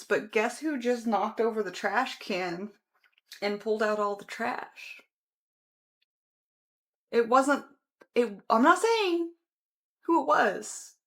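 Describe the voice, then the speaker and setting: A woman's voice: on the high side, a bit bright. A woman vlogging casually from a room at home, chatting in a rambling way and correcting herself as she goes. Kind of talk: casual vlog chat.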